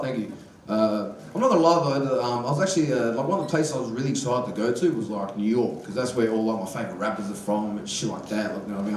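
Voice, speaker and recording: A man's voice: fairly high pitch, slight background noise. A young man with an Australian accent doing a stand-up set, casual and sweary, full of slang and fillers. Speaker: stand-up comedian. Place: live comedy venue with audience. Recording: echoey room, from a distance.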